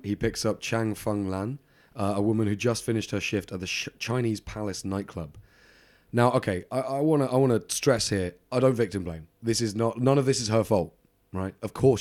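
Speaking briskly in a lowish, somewhat mellow voice, the man co-hosts a podcast and recounts a true-crime case casually. He wanders off track, says um a lot, tosses in side comments, and laughs along.

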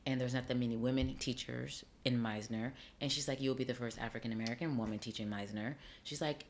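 A middle-aged woman, an actor and acting teacher, chatting in an interview and telling her story with lively acted-out dialogue. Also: very deep voice, quick pace, a little hiss or hum. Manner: animated storyteller, acts out quoted dialogue. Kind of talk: casual interview chat.

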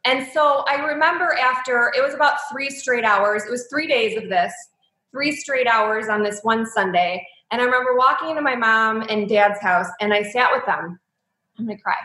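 A woman's voice: a little high, normal speed, bright, forceful tone, reverberant, poor audio. A woman in her thirties telling her personal story as an interview guest, candid and emotional, with many likes and ums.

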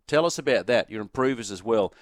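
An Australian man hosting sports talk radio, chatting quickly and inviting listeners to send in texts. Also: medium pitch, lively intonation, no echo, studio quality. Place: radio studio. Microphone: studio microphone.

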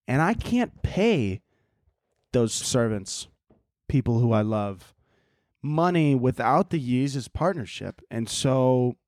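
A man's voice: medium pitch, no echo, clean studio sound. A man playing a smug, greedy male shoe company boss, talking in a sarcastic, crude, boastful way.

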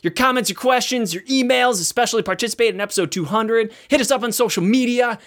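A man's voice: very high-pitched, fast, fairly bright tone. A man hosting a podcast in casual, sarcastic chat, teasing his co-host.

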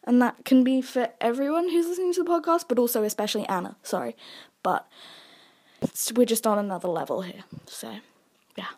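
A young woman hosting a solo podcast, chatty and self-mocking, dropping into soft asides. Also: fairly high pitch, brisk. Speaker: podcast host.

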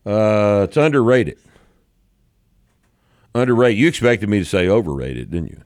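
A man with a very low voice talks as a podcast host, blunt and sure of his opinions, swearing casually. The sound is close and dry with no room around it. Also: animated, normal speed, darkish tone, no room sound. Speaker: show host.

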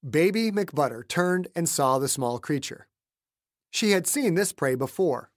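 A man narrates a thriller audiobook with dramatic delivery. His voice sits a bit high, and he shifts between hushed and shouted lines. The close studio recording is dry. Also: animated, unhurried, no room sound, faint music behind. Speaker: author and narrator.

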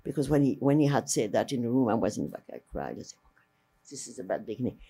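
In a husky, rumbling low voice, this older woman talks fast, her warmth coming through as she reminisces. A filmmaker and interviewee whose first language is French, she rambles animatedly, restarting sentences and performing others' dialogue.

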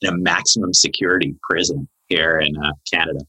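A man in his forties, a psychologist guest on a podcast, telling a long story in a lively, chatty way with lots of fillers. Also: deep voice, fast, slightly rough, rough recording. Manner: animated storyteller, many "like" fillers.

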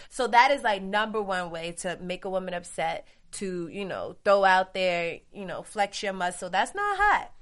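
A woman co-hosting a casual group chat, emphatic and animated as she tells stories. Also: mid-range voice, normal speed, few pauses. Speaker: podcast co-host.

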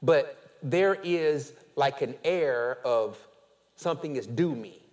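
A man preaching a sermon as pastor, animated, with call-and-response and casual storytelling asides. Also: mid-range voice, slow.

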